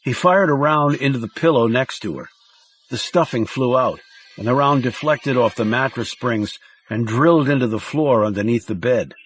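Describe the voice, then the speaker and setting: A man reading a thriller audiobook in a measured, dramatic narration style. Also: medium pitch, breathy edge, dry recording.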